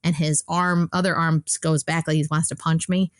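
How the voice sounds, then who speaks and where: A woman's voice: low voice, level tone, moderate pace, no room sound, studio quality. A woman guest on a podcast, telling a personal story in a casual, rambling way with many fillers and restarts.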